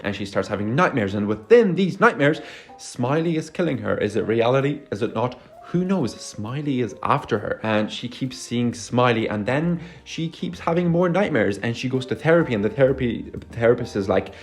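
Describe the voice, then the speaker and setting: A man's voice: mid-range voice, lively intonation, brisk. A man giving a casual movie review, sarcastic and exasperated, swearing often. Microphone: phone.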